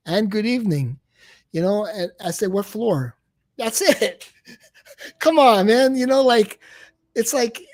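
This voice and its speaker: A man's voice: sits high, darkish tone, no room sound, studio quality. A man chatting casually on a late-night live stream, rambling and exasperated, often stammering and repeating his words. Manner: exasperated, keeps saying "come on, man".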